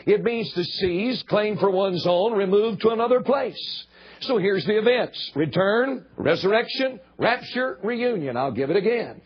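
A man's voice: high-pitched, expressive, measured pace, a little hiss or hum. An older man preaching a sermon in a church, emphatic and pleading, repeating words for stress. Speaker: guest preacher. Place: church building. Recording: dull lo-fi sermon recording.

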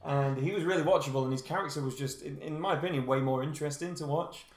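A man's voice: a little high, fast talker, reverberant. A man co-hosting a casual film review chat, joking around and putting on silly voices when he quotes someone. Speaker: podcast co-host.

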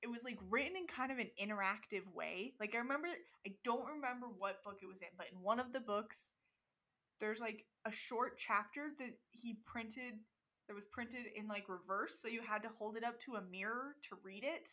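A young woman chatting casually, responding in an animated way with exclamations and laughter. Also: a little high, normal speed. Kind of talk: casual chat.

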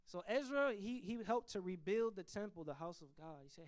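A man leading a Bible study, teaching in an animated way and acting out biblical figures in quick asides. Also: high-pitched.

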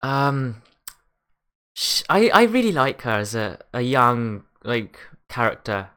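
A man with a New Zealand accent talks through a casual chat. He is relaxed and chatty, often restarting and filling pauses as he thinks aloud. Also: medium pitch, clear, resonant tone.

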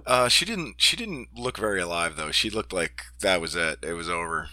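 Young male co-host, lively pitch, laughs a lot, acts out quotes. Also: normal speed, no room sound. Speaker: podcast co-host. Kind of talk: casual chat.

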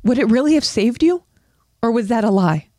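An earnest young soldier girl who presses with questions, as a woman acts her out. Her voice sits high and clear above the performer's own. The recording is dry and close. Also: lively intonation, a little fast, dark tone, dry recording, lightly acted. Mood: searching.

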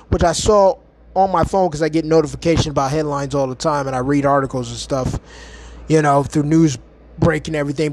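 A man's voice: on the high side, darkish tone. A man hosting a podcast, delivering a heated, mocking and profane ranting monologue from home. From United States. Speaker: podcast host.

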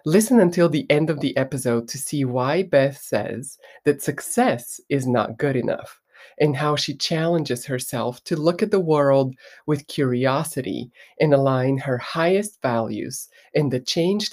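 A podcast host opens the episode with a scripted introduction. The delivery is smooth and clearly read aloud. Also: mid-range voice, animated, a little slow, a little mellow.

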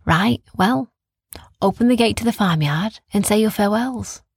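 A woman voicing a friendly, brisk woman who runs an animal rescue sanctuary, with a gravelly, husky voice in a dry, close recording. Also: mid-range voice, no echo. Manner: friendly, brisk, calls people love. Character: cheerful adult woman running an animal rescue.

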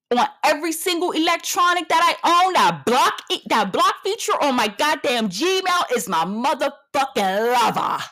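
Talking directly into the microphone, a woman in her thirties unloads a comic rant like a podcast host, brash and confrontational. She swears without restraint and repeats short lines again and again for punch. Her voice is a little high with a sharp tone.

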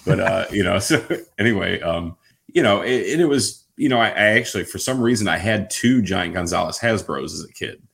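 A man's voice: deep voice, lively intonation, fairly quick, vocal fry, a bit bright. A man co-hosting a podcast, chatting loosely and laughing as he talks. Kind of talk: casual podcast chat.

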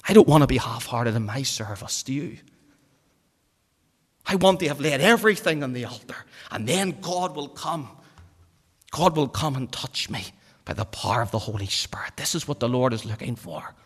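Man, fervent preacher, rising to loud calls and dropping to hushed pleas, slightly high voice. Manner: fervent, swings between loud exhortation and hushed pleading. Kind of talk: sermon. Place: church hall. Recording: hall reverb.

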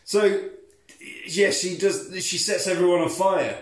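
A man retelling a film as a comic podcast recap, sweary and animated, recorded in an echoey room. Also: sits high, measured pace. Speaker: podcast co-host.

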